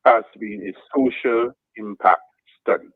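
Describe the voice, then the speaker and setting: On a radio talk show, a man speaks deliberately, leading the other speaker through a chain of leading questions. His voice is lowish and husky, with no room sound and narrow, tinny audio.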